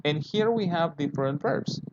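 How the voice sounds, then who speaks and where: A man's voice: a little high, expressive, moderate pace. A man teaching an online English lesson, patiently repeating words for pronunciation and checking understanding. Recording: dull lo-fi with clear background noise.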